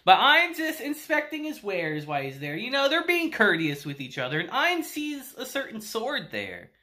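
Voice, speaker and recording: A man's voice: high-pitched, huge pitch swings, moderate pace, bright, forceful tone. A man casually reviewing an anime episode, laughing often, swearing, and acting out quotes.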